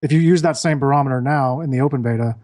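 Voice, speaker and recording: A man guesting on a gaming podcast, talking in a relaxed way with many restarts. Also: mid-range voice, fast. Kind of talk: casual gaming chat.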